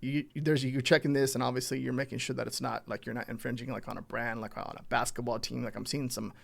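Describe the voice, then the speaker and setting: Rambling man with a gravelly voice. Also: mid-range voice, level tone, fast. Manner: rambling, filler-heavy, thinks aloud. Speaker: print-on-demand vlogger. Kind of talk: casual screen-share walkthrough.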